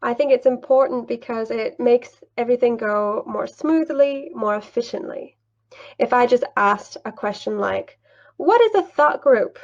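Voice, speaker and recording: A woman's voice: fairly high pitch, normal speed, lo-fi sound. A young woman teaching online, walking through a screen-share tutorial with a patient, teacherly manner. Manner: clear, patient, teacherly, asks and answers her own questions. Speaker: English teacher and teacher trainer.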